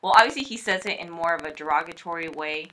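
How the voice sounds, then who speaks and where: A young woman co-hosting a casual podcast, talking eagerly with many fillers. Her voice is bright and forceful. It sits a little low for a woman. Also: fast talker, low-quality recording. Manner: chatty, enthusiastic, lots of fillers. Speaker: podcast co-host. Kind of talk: casual chat.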